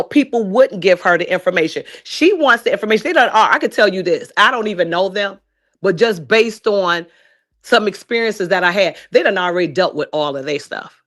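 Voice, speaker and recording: A woman giving her opinions on a live stream discussion, making emphatic, repetitive points at a deliberate pace. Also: mid-range voice, fairly bright tone. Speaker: guest commentator.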